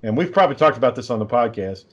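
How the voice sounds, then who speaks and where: A man's voice: mid-range voice, very fast, lo-fi sound. Profane, exasperated podcast host man. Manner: profane, exasperated, lively storyteller. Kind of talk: casual storytelling chat.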